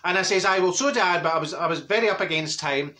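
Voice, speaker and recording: A brash, gossiping older Glasgow woman, played by a man, chatters in a broad Glaswegian accent. Her voice sits high and sounds bright and cutting. She cackles and mimics her neighbours in a comic character monologue. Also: fast. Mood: gossipy. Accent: Glaswegian Scottish.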